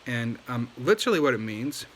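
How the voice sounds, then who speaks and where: A man's voice: medium pitch, sing-song, a little fast, a bit bright, slight background noise, rough recording. A man giving a casual language lesson at home at night, patiently explaining and checking in with okay after each point. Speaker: Chinese language teacher.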